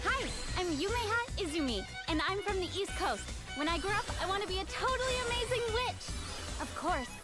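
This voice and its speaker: A very high, bubbly young witch girl. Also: expressive, fairly quick. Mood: eager. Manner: bubbly, eager. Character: cheerful young girl dreaming of being a witch. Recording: game trailer audio with loud music.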